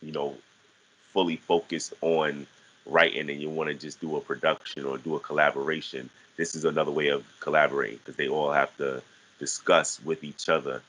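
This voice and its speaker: A man talking casually about teaching verse, halting with frequent restarts and repeated words. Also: rumbling low, level tone, fairly bright tone, low-quality recording. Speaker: guest teaching artist. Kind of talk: casual conversational teaching talk.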